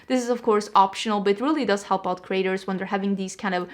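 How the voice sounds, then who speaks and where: A woman's voice: medium pitch, fast. A woman vlogger chatting casually about products, rambling with frank opinions, her voice a little stuffy from allergies. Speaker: beauty vlogger. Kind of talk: casual product review chat. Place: indoors at home.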